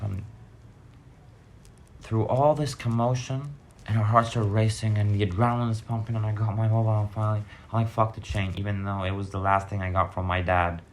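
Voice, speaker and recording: With a bit of background noise behind him, a lower-voiced man rambles casually through a storytelling monologue. He's a vlogger recounting his recovery, and his stories about the past are blunt, profane, and full of tangents.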